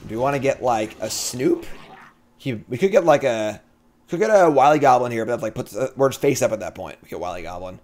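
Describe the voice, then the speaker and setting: A man streaming a card game, thinking aloud through his plays and breaking into excited outbursts as he talks to chat. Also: mid-range voice, brisk. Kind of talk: casual gameplay commentary.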